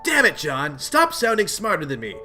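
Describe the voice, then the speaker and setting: A man's voice: sits high, huge pitch swings, normal speed, sharp tone, soft background music, heavily acted. A man voicing an arrogant, bossy teenage alien troll girl in a webcomic read-aloud, speaking haughtily and condescendingly. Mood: haughty.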